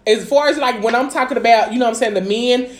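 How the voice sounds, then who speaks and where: A young adult woman co-hosting a casual podcast, speaking in a lively, teasing, playful way. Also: fairly high pitch, quick pace. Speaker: podcast co-host. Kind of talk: casual chat. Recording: echoey room.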